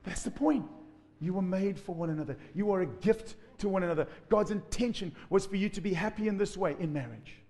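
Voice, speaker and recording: Pastor guy preaching, high voice, acts out little quotes, big reverb from the church hall. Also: a little fast. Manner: animated preaching with acted-out quotes. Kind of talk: sermon.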